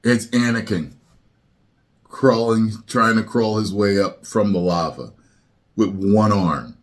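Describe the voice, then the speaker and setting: Slow-talking low-voiced male host. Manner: laid-back, chuckling asides. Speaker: reaction video host. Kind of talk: casual commentary.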